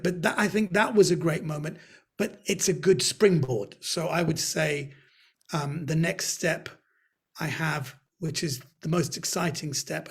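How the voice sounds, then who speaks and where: Gravelly, husky London man, animated storyteller. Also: on the high side. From Britain. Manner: animated storyteller, acts out quoted voices. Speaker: guest comedian. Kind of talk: webinar interview storytelling. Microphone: video call.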